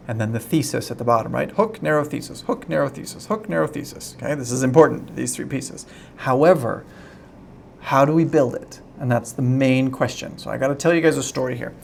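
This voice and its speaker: A man's voice: medium pitch, vocal fry, slight background noise. A young man teaching an online English lesson in a chatty way, often checking in with "right?".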